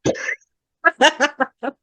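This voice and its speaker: A woman's voice: very slow, pushed and bright, no room sound. A woman co-hosting a casual podcast, teasing with dry humor and reading a story aloud. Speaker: podcast co-host, story reader.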